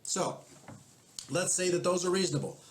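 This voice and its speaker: A man's voice: high voice, animated, normal speed, slight background noise. A man coaching network marketing, methodically walking through numbered questions in casual talk.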